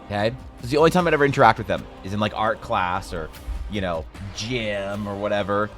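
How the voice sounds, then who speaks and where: A man's voice: fairly low pitch, fairly quick, a bit bright. Rambling, self-mocking young man. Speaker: streamer and artist. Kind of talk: casual storytelling on a live stream. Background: faint music.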